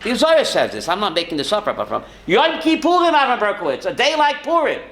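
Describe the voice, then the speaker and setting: A male rabbi giving a lively Torah class, asking rhetorical questions and calling on listeners by name. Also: high-pitched, fast. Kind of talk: Torah class to a live audience.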